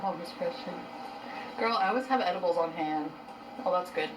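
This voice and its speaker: A woman's voice: fairly low pitch, brisk, noisy background. A woman on a casual livestream who rambles and talks to her chat and her pets.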